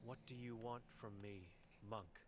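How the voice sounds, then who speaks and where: A man's voice: lowish voice, fairly even intonation, unhurried, music in the background, natural voice. A man voicing a blind, mute old woman who is grim and full of guilt, speaking in terse broken phrases. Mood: somber.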